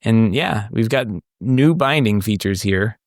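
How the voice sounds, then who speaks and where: An excitable man co-hosting a casual smart home podcast. His voice swings up and down in pitch, he laughs between lines, and the sound is close and dry with no room echo. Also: unhurried. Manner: excitable, laughs often, reads aloud. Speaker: podcast host. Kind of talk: casual tech podcast chat.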